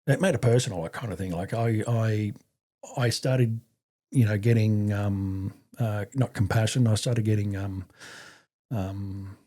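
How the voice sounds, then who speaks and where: Halting middle-aged Australian man, mellow voice. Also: lowish voice. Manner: halting, full of fillers and restarts, blunt with swearing. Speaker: podcast guest, army veteran. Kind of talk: casual conversational storytelling.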